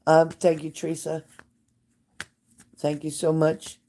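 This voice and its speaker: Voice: mid-range voice, completely flat delivery, slow pace, dark tone. A psychic reader hosting a casual live stream who talks straight to viewers by name, repeats phrases and gets emotional and fervent.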